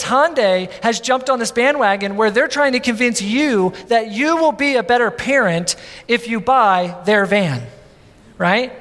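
A man in his thirties preaching a sermon as pastor, animated, with many repeats and asides. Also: sits high. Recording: long hall reverb.

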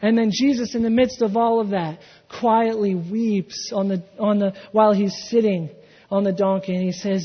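A male pastor preaching a sermon, telling the story with animation and acting out the quotes, swinging from loud to hushed. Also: high-pitched, steady tone, normal speed. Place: church sanctuary. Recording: dull sound in a reverberant hall.

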